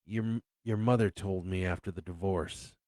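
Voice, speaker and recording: A man voicing an aging father, a weary, awkward ex-serviceman, who speaks in halting, apologetic fits. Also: deep voice, fairly even intonation, mellow, no echo, natural voice.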